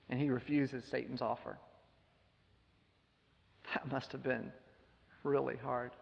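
A man's voice: mid-range voice, level tone, slow pace, creaky, pauses often, long reverb tail, muffled recording. A man giving a sermon, retelling a scripture story with emphatic rhetorical questions. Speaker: preacher.

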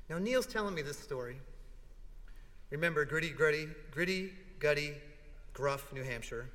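A male pastor delivering a heartfelt sermon in a church, telling stories with dramatic pauses and hushed drops. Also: fairly high pitch, lively intonation, big-room sound.

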